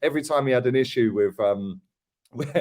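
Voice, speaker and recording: A man's voice: medium pitch, normal speed, a little mellow. A man hosting a casual podcast chat who tells stories animatedly, laughs often and uses many fillers. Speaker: host.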